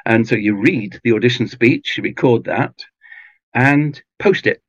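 A man with an English accent, chatting in an interview in a relaxed, rambling way with many ums and restarts. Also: mid-range voice, unhurried, no room sound, muffled recording. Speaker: audiobook narrator guest. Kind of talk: casual interview chat. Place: home garage booth with foam pads.

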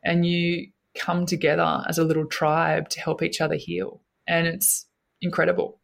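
A woman's voice: low-pitched, little pitch movement, moderate pace, vocal fry. A woman, a guest telling her own story in an interview, earnest and emotional, often repeating her words.

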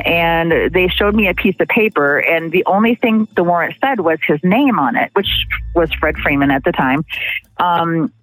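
A woman's voice: on the low side, no room sound, low-quality recording. Woman recalling a frightening night. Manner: halting, many fillers and restarts. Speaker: interviewee, partner of the accused. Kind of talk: emotional first-person recollection.

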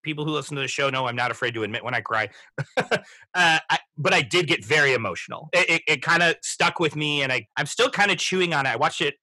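A man in his thirties hosting a podcast, reflecting in a halting way with many restarts as he talks through a film. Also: on the high side, pushed and bright, no echo. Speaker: podcast host. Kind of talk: casual movie discussion.

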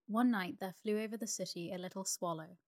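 A woman narrator reading a sleep story in a calm, even manner. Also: medium pitch, a little fast.

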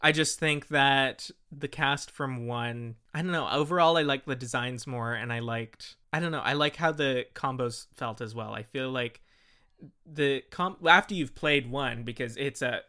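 A man's voice: medium pitch, unhurried, pushed and bright, clear, resonant tone. A man hosting a podcast in casual chat, rambling and laughing often. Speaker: podcast host.

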